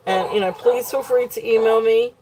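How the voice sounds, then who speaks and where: A woman's voice: fairly high pitch, steady tone, normal speed, background noise. Woman, live auction host, selling jewelry from home, gushing, filler-heavy.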